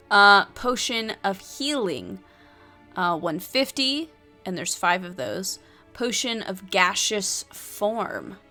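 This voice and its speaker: Narrating her own solo tabletop adventure, a woman reads and plays along with lots of fillers and chatty side comments. Her mid-range voice is bright and forceful.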